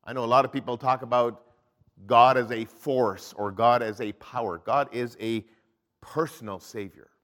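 A male pastor preaching a sermon, reading scripture aloud and swinging between loud emphasis and hushed, low drops. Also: steady tone, normal speed.

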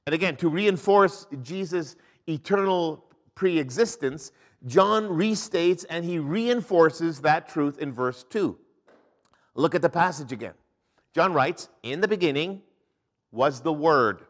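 A male pastor preaching a sermon, reading scripture aloud and swinging between loud emphasis and hushed, low drops. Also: lively intonation, takes it slowly.

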